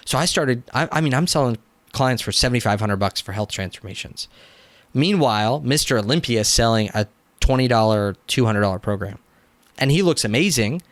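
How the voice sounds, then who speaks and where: A young man in a casual interview, telling a personal business story with lively energy. He acts out what people said and leans on "like" as a filler. His voice sits at an ordinary pitch and sounds dry and close. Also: fairly quick, dry recording. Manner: animated, acts out quotes, frequent "like" fillers. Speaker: business coach.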